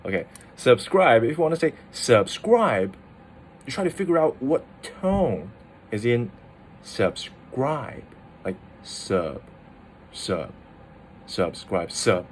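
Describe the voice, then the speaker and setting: A man's voice: medium pitch, very animated, a little slow, a little hiss or hum. A young man who is a native Chinese speaker gives a casual, chatty video lesson on tones, laughing often and playing with his voice. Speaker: Chinese tutor.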